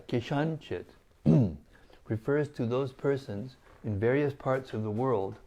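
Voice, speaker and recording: A man reading scripture aloud to listeners in a deliberate, measured way, pausing between phrases. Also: medium pitch, mellow, highs cut off. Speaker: scripture reader.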